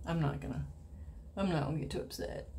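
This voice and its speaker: A woman giving a casual watercolor painting tutorial, chatting and thinking aloud, and often dropping into soft murmurs as she paints. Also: deep voice, fast talker, a little hiss or hum. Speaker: watercolor instructor.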